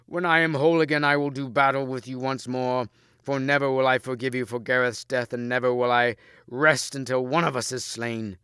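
A man voicing a dying knight, full of remorse and passion, speaking raised and slow. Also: medium pitch, steady tone, fairly bright tone, clean tone, dry recording, studio quality, close to an everyday voice. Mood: furious.

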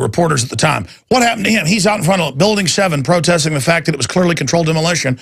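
A man hosts a talk radio show in a heated, impassioned monologue. His voice is gravelly and sits a little high, and he often slips into mocking impressions of opponents. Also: a bit bright.

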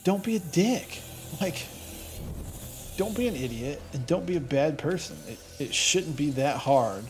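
A man's voice: a little high, animated, unhurried, slight background noise. Rambling, chatty man gaming. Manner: rambling, chatty, wanders off on tangents; earnest, swears casually. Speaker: let's play gamer. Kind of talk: casual gameplay commentary.

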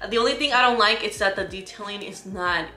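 A bright, clear-voiced young woman from Puerto Rico chats her way through a haul, keeping her viewers in the conversation. Her talk is easy and casual. The room around her rings with a noticeable echo. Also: medium pitch, fast talker. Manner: chatty, keeps addressing viewers as "you guys". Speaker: vlogger. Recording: echoey room.

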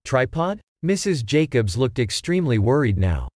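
Lively male joke narrator. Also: mid-range voice, moderate pace, dry recording, studio quality. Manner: storytelling read-aloud delivery.

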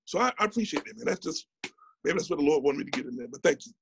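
A man's voice: a little high, animated, rapid-fire, vocal fry, dull audio, a little hiss or hum. A man, a bishop hosting a ministry teaching conversation, speaking in an emotional, heartfelt way.

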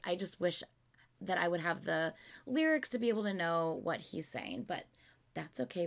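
Young female reaction host, gravelly, excited fan chatter kept hushed at home. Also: lowish voice. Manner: excitable and gushing, keeping her voice down. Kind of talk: casual music video reaction. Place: home, early morning.

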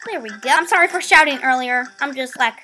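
A female gamer giving excitable let's play commentary, often stumbling over her words. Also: high voice, quick pace.

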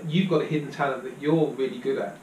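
A man's voice: medium pitch, fairly even intonation, fast talker, a little mellow. A man co-hosting a casual chat, jokey and chatty. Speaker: co-host. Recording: echoey room, mic at a distance, faint hiss.

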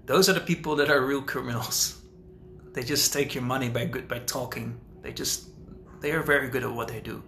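Talkative man host, casual livestream chat, bright voice, roomy echo with faint ambience. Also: medium pitch, fairly even intonation, a little fast, a little hiss or hum. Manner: rambling, talkative, thinks out loud. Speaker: author hosting a live Q&A.

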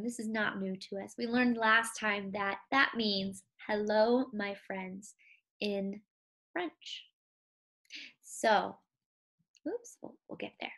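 Young female music teacher, high voice, unhurried, clear, encouraging delivery for kindergarten. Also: fairly bright tone. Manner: slow, clear and encouraging, speaking to young children; sings simple songs and gives call-and-response prompts. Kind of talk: recorded kindergarten music lesson.

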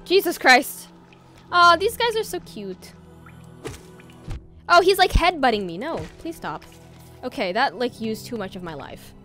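A woman's voice: sits high, animated, a little slow, pauses often, pushed and bright. A woman streaming a video game, chatting along and bursting into startled shrieks. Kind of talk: live gameplay commentary. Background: faint game music.

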